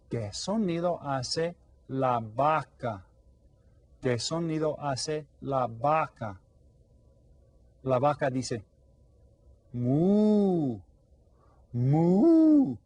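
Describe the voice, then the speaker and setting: A man's voice: fairly high pitch, dry recording. A man teaching a playful children's Spanish lesson, coaxing the kids with questions and mimicking animal sounds.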